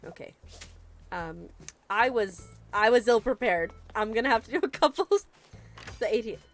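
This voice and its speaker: A woman chatting casually with viewers during a live game stream, excitable and quick to gasp and laugh. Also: a little high, soft background music. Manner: excitable, gasping and laughing often. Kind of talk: casual live-stream chat while gaming.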